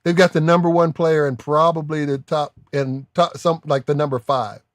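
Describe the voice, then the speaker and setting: Animated man telling a tech-support story. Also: a little high, no echo. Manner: animated storytelling, quick laughs. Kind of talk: casual live-stream banter.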